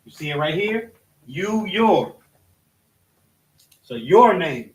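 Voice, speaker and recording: Man, bible lesson at a board, halting, self-correcting, slightly high voice, picked up from across the room. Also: big pitch swings, a little hiss or hum. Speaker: religious study teacher. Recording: roomy echo, voice from a distance.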